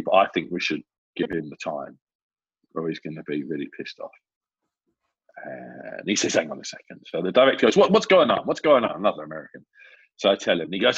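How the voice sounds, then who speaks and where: Man telling lively anecdotes. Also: low voice, slightly rough, dry recording. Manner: lively storyteller who acts out quoted voices. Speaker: film assistant director guest. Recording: dull, dry lo-fi audio.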